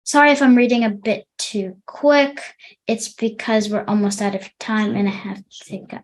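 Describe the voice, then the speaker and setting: A young woman teaching English to children, reading a storybook aloud and pausing to explain words. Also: fairly high pitch.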